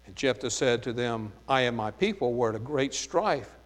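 In a hall with long reverb, a Southern American man with a mild accent reads Bible verses and then explains them in a sermon, peppering his talk with "uh, there." His mid-range voice is animated and moves at a moderate pace.

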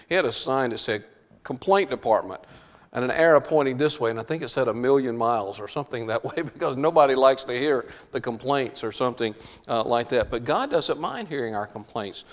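Man preaching in a reverberant hall. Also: medium pitch. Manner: dramatic, drawn-out emphasis on key words. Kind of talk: sermon.

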